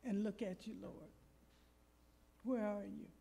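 In a church, a woman preacher shares a personal story in her sermon, animatedly acting out the voices of the people involved. Her mid-range voice moves slowly, with vocal fry and a little hiss or hum.

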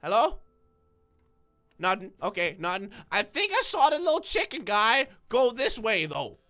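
A man's voice: high voice, huge pitch swings, unhurried, bright, forceful tone, soft background music. A man giving let's-play commentary, nervous and stuttering, who bursts into screams when startled. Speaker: gaming video creator.

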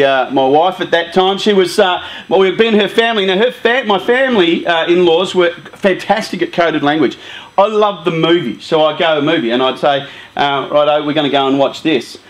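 A middle-aged man giving a casual, animated talk to a youth group, laughing often and acting out quoted lines. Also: sits high, low-quality recording.

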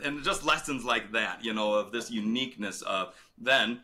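A man's voice: on the low side, normal speed, pushed and bright, slight background noise. A middle-aged man, a former retail director, telling stories about his career in a casual interview, with many fillers and restarts.

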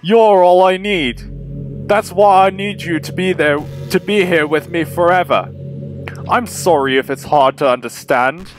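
Guy voicing a clingy lovesick game girl, high voice, slow and hushed. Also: music in the background. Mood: yearning. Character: obsessive lovesick teenage girl from a visual novel. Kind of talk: reading game dialogue aloud.

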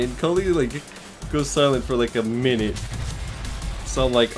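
A young man giving casual, excitable gameplay commentary, swearing and laughing often as he plays. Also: mid-range voice, brisk. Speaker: gaming streamer. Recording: loud game music behind the voice. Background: game music.

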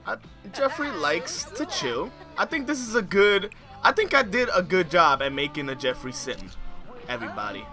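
Young male gamer, joking and slangy commentary; lively, bright delivery. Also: high-pitched, moderate pace, soft background music. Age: young adult. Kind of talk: let's play commentary.

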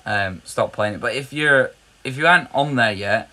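A man's voice: mid-range voice, normal speed, bright, forceful tone. A man with a British accent, co-hosting a podcast in a chatty, rambling, easily amused way. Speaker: podcast co-host. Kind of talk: casual podcast chat.

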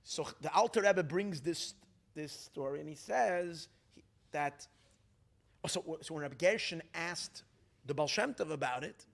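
A man, a rabbi, telling a story to a gathering in an animated way, restarting often and mixing in Hebrew and Yiddish terms. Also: fairly high pitch, unhurried, vocal fry.

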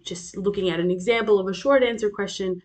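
A woman's voice: mid-range voice, a little fast, darkish tone. A woman giving a recorded revision lecture, explaining terms step by step and often checking in with "okay?" between points.

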